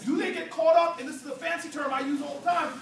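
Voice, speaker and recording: Fast-talking and fairly even in intonation, this man's very high, fairly bright voice carries a preacherly political speech with playful storytelling and call and response in a church hall. The mic sits far off, picking up echo and the crowd.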